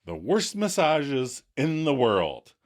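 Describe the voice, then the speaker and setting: A flustered young man who fumbles and backpedals, as a man quotes him. His pitch leaps around. It is a casual podcast retelling. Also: huge pitch swings, slow pace. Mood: sheepish. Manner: sheepish, fumbling quoting.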